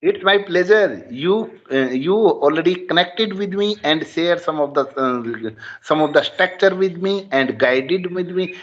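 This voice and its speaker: A man, a student speaking earnestly and haltingly to his teacher in an online class. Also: fairly high pitch, expressive, lo-fi sound.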